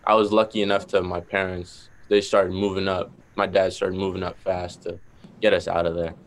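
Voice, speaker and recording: A young man with a Boston accent, a musician talking casually in an interview, relaxed, with lots of "like" fillers. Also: deep voice, moderate pace. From Massachusetts. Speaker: musician guest.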